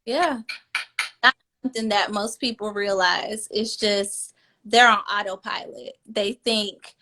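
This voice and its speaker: A woman with a bright, high-set voice speaks earnestly in a relaxed podcast conversation. She coaches on fertility and draws on her own experience, turning animated when she imitates others. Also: unhurried.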